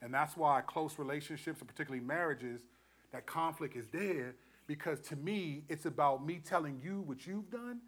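A middle-aged man preaching, an animated storyteller who acts out quotes and laughs often. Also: fairly high pitch, normal speed. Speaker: pastor. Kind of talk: sermon teaching.

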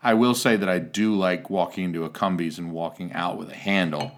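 Deep-voiced man, wry and grumbling. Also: brisk. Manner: wry, grumbling, swears casually. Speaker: podcast host. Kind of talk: casual chat.

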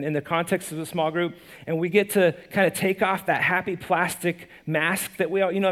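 Man, pastor, sermon, high voice, conversational, restarts and repeats words.

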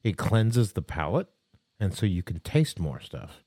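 A middle-aged man hosting a podcast, telling a story in a lively, animated way. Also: low-pitched, unhurried, dry recording, clean studio sound.

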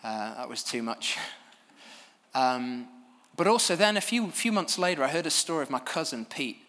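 A man preaching a sermon from a church stage, telling stories at his own expense in a lively way. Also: mid-range voice, moderate pace, in a large hall. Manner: animated, self-deprecating storytelling.

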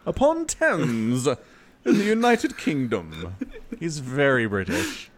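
A man's voice: medium pitch, huge pitch swings, takes it slowly, a little hiss or hum. An American man co-hosting a podcast in casual chat, teasing and laughing often. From United States. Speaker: podcast co-host.

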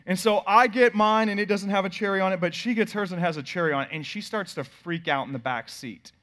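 Male pastor, thirties, higher voice, animated sermon storytelling, loud-to-soft swings. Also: brisk.

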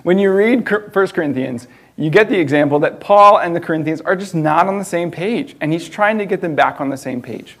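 Man, informal sermon, chatty, laughs often, fillers, slightly raised pitch. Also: brisk, a bit bright. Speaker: preacher.

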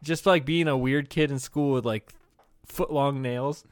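A man's voice: medium pitch, fairly even intonation, a little slow, clean tone, no echo. A young man co-hosting a comedy podcast, teasing loosely and laughing often between lines. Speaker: podcast co-host. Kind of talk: profane comedy podcast chat.

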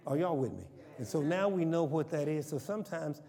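A pastor preaches a sermon in a church sanctuary, often asking the congregation questions and having them repeat sayings in call-and-response. His voice is on the high side, brisk and lively, creaky yet warm, with the long reverb of a church hall.

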